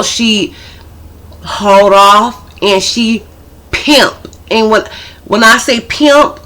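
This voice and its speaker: A woman's voice: a little high, a bit bright. A woman vlogger casually telling a personal story, chatty and full of profanity. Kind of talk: storytime vlog.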